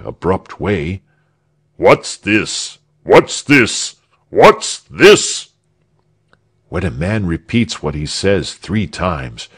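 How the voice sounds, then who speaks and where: Male storyteller, low voice, unhurried and very animated reading for English learners. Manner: slow, clear and expressive. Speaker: narrator.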